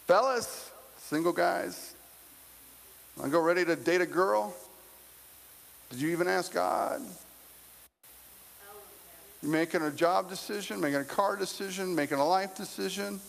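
Guy pastor preaching, kinda high voice, chatty and jokey with the crowd, big echoey church hall. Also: creaky, a bit bright. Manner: conversational preaching with humor and repetition; addresses the congregation directly. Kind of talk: sermon. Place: church sanctuary with a congregation. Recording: long reverb of a large hall.

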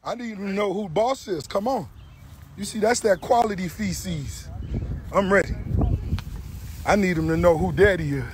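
A middle-aged man chatting casually and excitedly outdoors on a farm, cooing affectionately at his animals and hyping them up in heavy slang. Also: high voice, moderate pace, long pauses, a little hiss or hum. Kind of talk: casual hype chat. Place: outdoors on a large farm by a gate.

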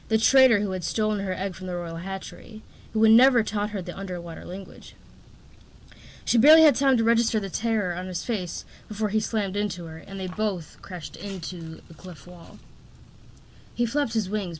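A woman reading a children's fantasy novel aloud in steady, expressive narration. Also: mid-range voice, moderate pace, slight background noise. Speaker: audiobook reader.

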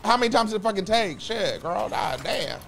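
A young man streaming a game, talking in a flamboyant, sassy, profane way with sudden loud outbursts. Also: high-pitched, big pitch swings, brisk, a little hiss or hum. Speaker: gaming streamer. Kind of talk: casual gameplay commentary.

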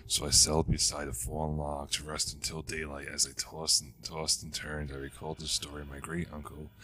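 A man narrates a ghost story in a measured, even delivery, now and then catching himself and restarting a word. His voice sits extremely low and stays flat across each line, with only a faint hiss of noise behind it.

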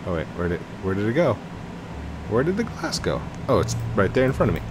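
A gaming host with a low voice and an unhurried delivery gives casual gameplay commentary over a steady background hum. He's chatty and jokey, giggling as he talks to his teammate.

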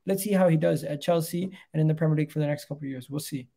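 Gravelly young man hosting football chat. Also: a little high, racing, dark tone. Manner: chatty, laughs easily, breaks into impressions. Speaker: football channel host. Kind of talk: casual chat.

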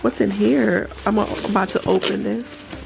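A woman, gushing and gasping excitedly while unboxing gifts at home in a casual vlog. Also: medium pitch, normal speed, creaky, background noise. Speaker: vlogger.

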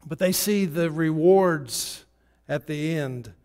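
A man preaching a sermon in a church, telling a story in a loose, conversational way with halting restarts. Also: on the high side, darkish tone. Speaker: guest preacher. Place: church sanctuary. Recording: long hall reverb.

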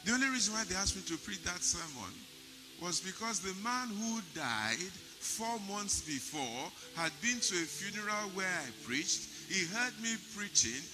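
A man's voice: high voice, expressive, moderate pace, over music. An older man, preaching a funeral sermon with emphatic repetition. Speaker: pastor.

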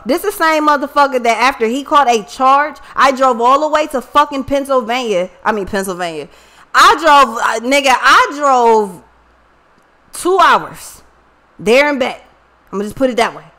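A woman talks straight to her viewers in a high, bright voice. She tells her story bluntly and with plenty of swearing, animated and casual. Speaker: tarot reader and channel host.

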